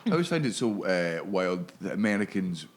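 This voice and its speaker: A man's voice: low voice, normal speed, roomy sound, a little hiss or hum. A young Scottish man from Fife, a guest comedian, telling stories in casual chat with crude swearing. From Scotland (Fife). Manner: animated, sweary storytelling with mock voices.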